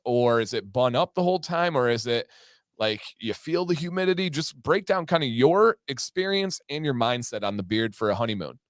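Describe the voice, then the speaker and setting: A man hosting a casual livestream, upbeat and animated, telling stories and laughing often. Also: mid-range voice, fairly quick, no room sound, studio quality. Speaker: livestream host.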